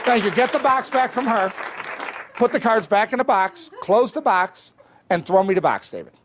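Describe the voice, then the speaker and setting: A man's voice: high-pitched, animated, moderate pace. A man performing as a stage magician, teasing a volunteer with joking banter before a live audience. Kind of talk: live comedy magic show. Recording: live stage with loud crowd noise.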